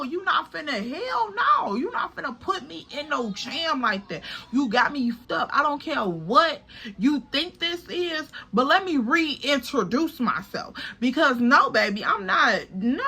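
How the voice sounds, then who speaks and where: Sassy, high-pitched woman telling a story. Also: pushed and bright, slightly rough. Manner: sassy, emphatic, profane, talks straight to viewers as "girl" and "y'all". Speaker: vlogger telling a personal story. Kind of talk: animated storytime.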